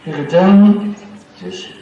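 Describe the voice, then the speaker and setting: A man giving a slow, deliberate Buddhist lecture, heard in an archive recording. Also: sits high, vocal fry, very echoey, distant mic, muffled recording, slight background noise. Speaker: Buddhist teacher. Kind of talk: dharma lecture.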